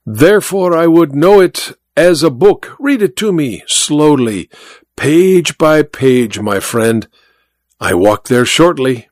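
A showy blind magician with a lofty, sweeping delivery, as a male narrator puts him on. The voice rides higher than plain speech and swings widely in pitch, sly and self-important. The sound is close and dry, with no room around it. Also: animated, takes it slowly, dry recording. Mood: commanding. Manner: flamboyant and grandiose, with sly asides. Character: grand, theatrical blind male stage magician. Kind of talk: audiobook character voice.

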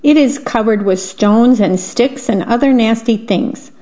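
A woman's voice: a little high, measured pace, warm tone, close to an everyday voice. A woman voicing a busy male housefly who loves to sweep, eager and insistent, in a storybook read on the radio. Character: busy male housefly, tireless neat freak. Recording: dull lo-fi radio sound.

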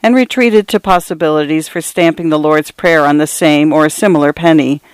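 Brisk woman hosting a radio reading. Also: low voice, clean tone, no echo. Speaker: radio reading-service host. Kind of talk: announcing and story reading.

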